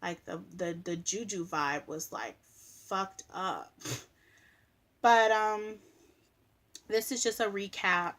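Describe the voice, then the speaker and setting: A woman's voice: on the low side, a bit bright. A woman vlogger in casual chat to camera, rambling with lots of filler words. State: sleepy.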